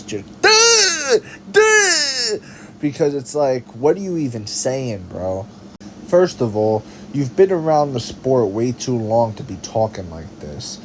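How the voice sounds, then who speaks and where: A man rants in a casual, slangy commentary voice, firing rhetorical questions as he argues his point. His voice sits at an average pitch. A faint air-conditioner hum runs under him. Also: warm tone, rough recording. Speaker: MMA commentary host.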